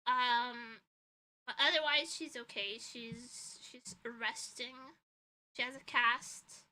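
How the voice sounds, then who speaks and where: Speaking slowly in a high-leaning voice with fairly even intonation, she sounds bright and forceful over a rough recording. The vtuber and illustrator is streaming casual chat from her own room, giggling, cursing, and rambling, clearly tired and with a stuffy nose.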